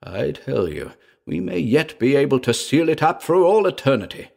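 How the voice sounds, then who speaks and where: A man voicing a young gentleman heir who is anxious and quick to exclaim. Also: mid-range voice, sing-song, creaky. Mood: excited.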